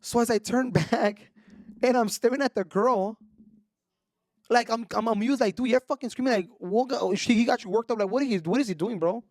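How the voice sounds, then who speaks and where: Young man, high voice, slangy Spanglish storytelling, dry recording. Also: normal speed, no echo. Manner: profane slang-heavy, mixes Spanish and English. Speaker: podcast co-host. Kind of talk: casual storytelling chat.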